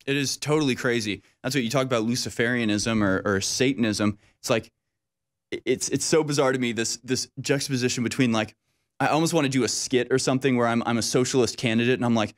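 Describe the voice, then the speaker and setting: A man's voice: medium pitch, fast. A man hosting a casual political conversation, speaking emphatically and often repeating his words.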